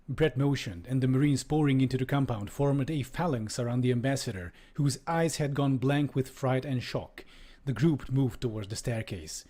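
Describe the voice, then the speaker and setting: A man's voice: medium pitch, darkish tone. Casual, cursing young man reading aloud. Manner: casual, swearing, laughing. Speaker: streamer. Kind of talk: reading a book aloud and commenting.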